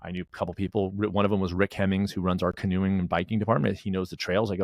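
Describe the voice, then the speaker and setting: Fast-talking gravelly middle-aged man. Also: sits low, steady tone, no echo. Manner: rambling storyteller, acts out dialogue, many restarts. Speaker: wellness director and race director. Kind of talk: casual interview talk.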